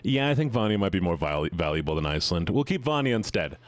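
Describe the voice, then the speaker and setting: A man's voice: low-pitched, big pitch swings, quick pace, no echo. A man streaming and chatting casually with his viewers, rambling and joking as he gets sidetracked.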